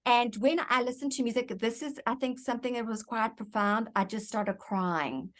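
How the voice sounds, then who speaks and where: A woman's voice: fairly high pitch, moderate pace. A woman guest in an interview, telling her personal story in an earnest, reflective way and often repeating words as she thinks.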